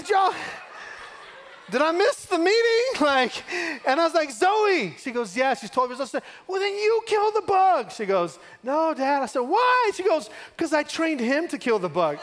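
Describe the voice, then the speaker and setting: A middle-aged man from West Texas preaching a sermon, building call-and-response refrains and telling a family story. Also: very high-pitched. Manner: call-and-response, rising to shouts.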